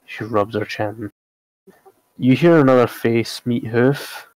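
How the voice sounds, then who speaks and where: A man in a relaxed, descriptive manner, narrating as game master of a tabletop game. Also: mid-range voice, slow, no echo, low-quality recording.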